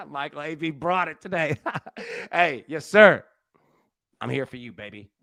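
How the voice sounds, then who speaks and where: Lively, rambling sports betting host. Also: male voice, fairly high pitch, takes it slowly, creaky, dry recording. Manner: rambling and joking, with frequent restarts. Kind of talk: casual live show chat. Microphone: studio mic on a live stream.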